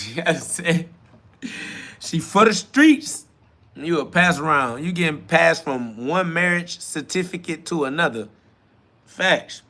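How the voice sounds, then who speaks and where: Bright and forceful, his slightly high voice carries through a live-stream rant. Reading out live comments as a podcast host, he laughs, mocks, swears and preaches in a self-talk monologue.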